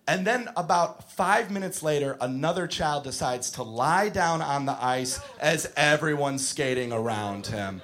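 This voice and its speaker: A man doing stand-up, telling stories in an exasperated tone that breaks into shouted bits. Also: on the high side, animated, normal speed. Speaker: stand-up comedian, camp counselor. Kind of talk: stand-up comedy. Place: comedy club stage. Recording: live club set with crowd laughter. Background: audience laughing.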